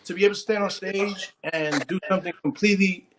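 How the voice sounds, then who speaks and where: Fast-talking high-voiced man hosting. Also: fairly even intonation, a crowd in the background. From Puerto Rican and Cuban heritage. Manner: enthusiastic, encouraging, repeats phrases. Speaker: podcast host. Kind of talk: casual interview chat.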